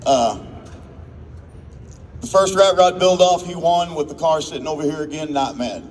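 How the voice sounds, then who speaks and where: A man's voice: on the high side, normal speed, darkish tone, slight background noise. A man giving an emotional, rambling, off-the-cuff award speech in a large event hall. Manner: emotional, rambling, self-interrupting. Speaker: awards presenter. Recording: distant mic in a reverberant hall.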